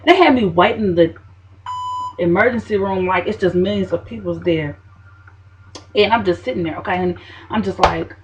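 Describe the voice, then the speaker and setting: A woman's voice: medium pitch, dull audio, slight background noise. A woman telling a story to camera in a sassy, dramatic diva manner. She keeps tossing in "okay, honey.". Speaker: vlogger.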